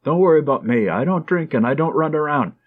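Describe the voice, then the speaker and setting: A man's voice: fairly high pitch, lively intonation, fast, narrow, tinny audio, voice pushed up. A man reading an audiobook, voicing a conceited, boastful young soldier. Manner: boastful, self-satisfied.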